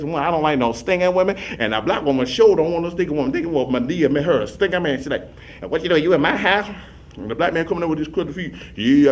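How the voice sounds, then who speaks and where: A man telling rambling comic stories in a rapid, run-on, repetitive way, animatedly acting out the scenes. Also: a little high. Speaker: comic storyteller.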